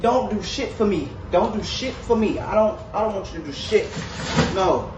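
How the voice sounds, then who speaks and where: Man doing a worn-out mom, yelling, cursing, high-pitched, distant noisy skit audio. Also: animated, moderate pace, echoey room, muffled recording. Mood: angry. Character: furious overworked mother scolding her kids.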